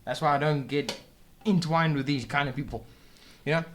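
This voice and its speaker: A man's voice: a little high, normal speed, a bit bright. A man co-hosting a casual podcast chat, giving dry, defensive comebacks. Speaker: podcast co-host.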